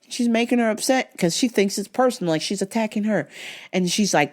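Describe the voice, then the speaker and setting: A woman's voice: mid-range voice, big pitch swings, fairly quick, darkish tone. A woman hosting a podcast, ranting bluntly and profanely with frequent laughs, her nose stuffed up and her voice fading. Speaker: podcast host. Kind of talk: casual profane podcast rant.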